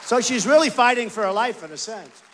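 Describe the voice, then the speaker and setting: With a very high-pitched, animated voice, a US political candidate in his sixties speaks a little fast over background noise. At a large rally venue he gives a rambling, emphatic stage-mic speech, repeating phrases and addressing the crowd directly.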